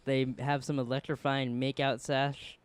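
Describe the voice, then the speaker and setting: A man's voice: mid-range voice, level tone, measured pace, clear, resonant tone. A man recapping a TV episode in casual chat, rambling with fillers and quoting characters in put-on voices. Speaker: show reviewer.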